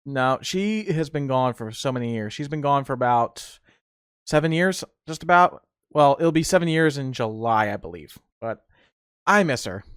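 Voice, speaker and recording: A man's voice: medium pitch, fairly bright tone, clear, resonant tone, no echo, studio quality. A young man hosting a casual solo podcast, telling rambling stories with laughter and restarts. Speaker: podcast host.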